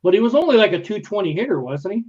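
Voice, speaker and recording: A man's voice: high-pitched, very animated, rapid-fire, a little mellow, husky. A man chatting casually on a live stream, joking around and laughing often. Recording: dull, muffled call audio.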